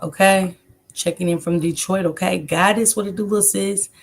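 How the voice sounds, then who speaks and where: A woman's voice: medium pitch, fairly even intonation, normal speed. A woman hosting a casual livestream, greeting viewers by name and rambling loosely between comments. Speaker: livestream host.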